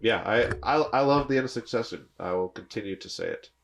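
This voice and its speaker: A man with a low, gravelly voice co-hosting a relaxed sports podcast. He talks haltingly, often restarting and letting his thoughts trail off. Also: slight background noise. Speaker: podcast co-host. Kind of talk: casual sports podcast chat.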